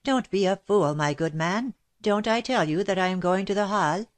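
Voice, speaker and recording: A woman reading aloud, voicing a stout, rough but kindly old market woman with a gruff, authoritative manner. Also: medium pitch, moderate pace, lightly acted. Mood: brusque.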